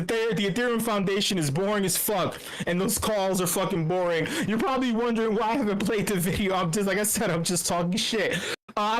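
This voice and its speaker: High-voiced profane man riffing. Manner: profane, joking, rambling with many restarts. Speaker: meetup host. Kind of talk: crude rambling commentary.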